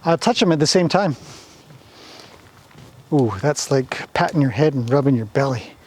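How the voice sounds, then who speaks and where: A man working a horse outdoors, explaining his steps in a gentle, chatty way and soothing the animal. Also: mid-range voice, expressive, normal speed, a little hiss or hum. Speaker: horse trainer. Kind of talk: instructional commentary while training. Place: outdoors in a horse pen near a road.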